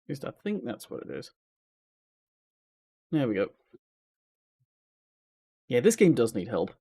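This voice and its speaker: A man's voice: mid-range voice, sing-song, unhurried, warm tone, breathy edge. A man streaming gameplay and commenting with wry, sarcastic asides.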